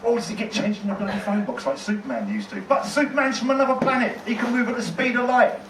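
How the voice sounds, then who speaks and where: A man doing a stand-up set in a rambling, chatty and sweary way. His voice sits high. The sound is echoey and distant, recorded in a tent with plenty of noise behind. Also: fast talker. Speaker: stand-up comedian. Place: tent in a car park.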